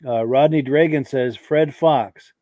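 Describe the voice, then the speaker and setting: A male podcast host with a cold reads viewer comments on a live show, chatting casually in a mid-range voice that is fading. He talks a little slowly, relaxed and chatty with lots of fillers, and coughs as he loses his voice. There's no room sound.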